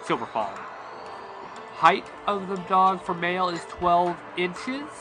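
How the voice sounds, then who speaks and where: A man's voice: high-pitched, animated, slow pace, music in the background. A man hosting a podcast in casual chat. He rambles with restarts and laughs often. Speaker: podcast host.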